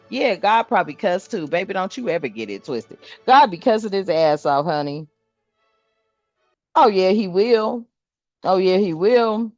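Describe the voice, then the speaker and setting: A woman's voice: fairly high pitch, sing-song, a little slow, pauses often, no room sound, lo-fi sound, faint music behind. A woman giving a casual spiritual card reading, blunt and profane, laughing often as she talks.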